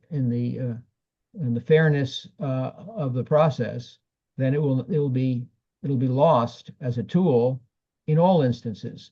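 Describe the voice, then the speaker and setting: A man, a former federal prosecutor, explaining legal points as a guest in a webinar conversation, measured and full of ums. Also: medium pitch, dark tone, lo-fi sound.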